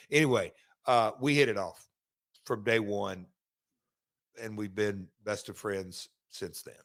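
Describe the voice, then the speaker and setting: A middle-aged man hosting a podcast, chatting casually and telling stories about his past in a relaxed, rambling way. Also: fairly low pitch, measured pace, long pauses. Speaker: podcast host, former wrestler. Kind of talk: casual chat and read sponsor ad.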